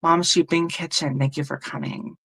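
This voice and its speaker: A woman's voice: sits low, fairly even intonation, normal speed, gravelly, a bit bright. A woman hosting a tarot livestream, chatting casually, musing aloud and thanking viewers by name. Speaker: tarot reader and livestream host.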